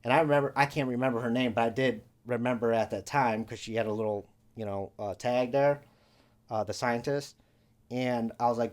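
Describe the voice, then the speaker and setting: A man's voice: mid-range voice, steady tone, fairly quick. A young man co-hosting a podcast, telling rambling stories in casual chat and acting out the voices of the people he quotes. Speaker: podcast co-host.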